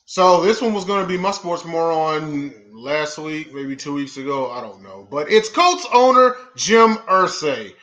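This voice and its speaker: A man's voice: a little high, animated, unhurried, few pauses, bright, forceful tone. A man hosting a casual sports podcast, joking and laid-back as he runs the show. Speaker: podcast host.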